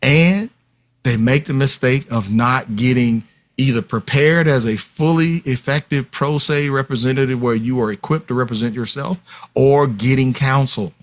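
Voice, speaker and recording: A man explains things at length as a podcast guest. He speaks emphatically, in a lecturing way, and often addresses the listeners directly. His voice sits at a middling pitch. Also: moderate pace. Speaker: guest expert on paternity fraud.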